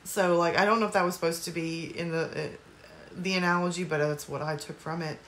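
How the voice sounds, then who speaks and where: A woman's voice: fairly low pitch, steady tone, fairly quick, a bit bright, a little hiss or hum. A woman casually recapping a movie's plot at home, rambling with lots of fillers and apologetic asides. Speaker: movie reviewer.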